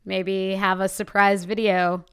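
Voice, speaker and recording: Smooth-voiced female podcast co-host. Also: mid-range voice, flat delivery, takes it slowly, a bit bright. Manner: amused, reactive, laughs often. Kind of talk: casual chat.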